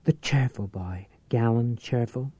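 A man voicing a fussy male social secretary who lisps and speaks in a discreet, formal hush. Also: mid-range voice, unhurried, breathy edge, no room sound. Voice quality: lisp, hushed whisper.

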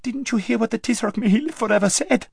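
A man voicing a timid, whiny young noblewoman in a breathy, squeaky voice while reading an audiobook. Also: a little fast, no echo, full character voice. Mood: pleading. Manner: whimpering and pleading. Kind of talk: audiobook narration. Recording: dry close studio sound.

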